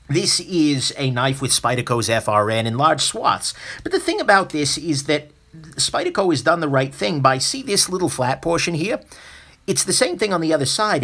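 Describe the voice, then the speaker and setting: Lively, joking man hosting a knife livestream. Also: mid-range voice, husky. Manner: lively, joking, with many fillers. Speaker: host. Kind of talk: live-stream knife review chat.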